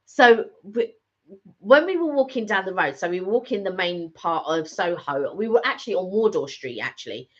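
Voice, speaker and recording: Husky and lowish, this middle-aged woman's voice is expressive and moves at normal speed. She's a vlog co-host chatting casually, rambling with many fillers and restarts, on slightly dull lo-fi audio.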